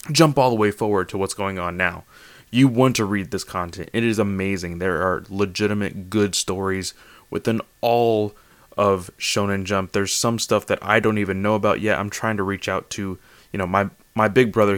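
A man's voice: fairly low pitch, a bit bright, smooth, no room sound. A man hosting a casual solo manga review podcast late at night, tired and slightly slurring, rambling with lots of fillers and restarts. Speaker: podcast host.

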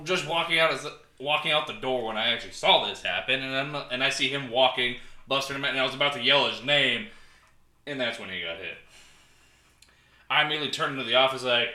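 Crude storytelling man, bright and echoey. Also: mid-range voice, fairly quick. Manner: crude, laughing, acts out quotes. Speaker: podcast co-host. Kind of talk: casual storytelling.

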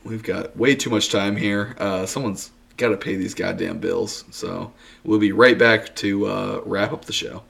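A man's voice: lowish voice, steady tone, unhurried, creaky, fairly bright tone. A man telling a rambling, crude story in a casual podcast chat, laughing often as he goes. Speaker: podcast co-host.

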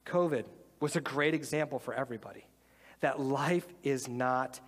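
Energetic pastor in a big echoey church. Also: male voice, medium pitch, moderate pace. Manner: energetic, conversational, enthusiastic. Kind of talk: sermon. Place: church with audience. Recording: reverberant church hall.

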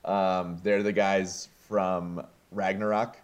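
A man's voice: low voice, flat delivery, takes it slowly. A man casually recapping a film to friends, reading the script with hesitant fillers.

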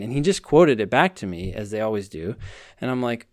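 A man with a mid-pitched voice relates a tutoring session on a podcast, quoting both himself and the student. The sound is dry and close. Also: moderate pace, dry recording. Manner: storytelling, acting out both sides of the dialogue. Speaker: podcast co-host and test-prep tutor. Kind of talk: casual podcast conversation, telling an anecdote.

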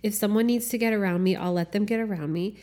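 A woman's voice: mid-range voice, quick pace, dark tone. A woman hosting a solo podcast, reflecting aloud in a casual, candid way, swearing and laughing often with lots of fillers. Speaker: podcast host.

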